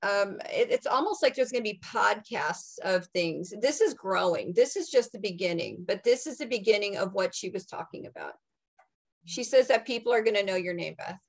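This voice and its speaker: A woman psychic medium speaks in a soft, halting way, stopping and restarting as she passes on what she hears. Her voice sits at a middle pitch. She often trails off as she relays messages. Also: animated. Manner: halting, many restarts and fillers, relays quotes. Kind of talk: channeling messages in casual chat.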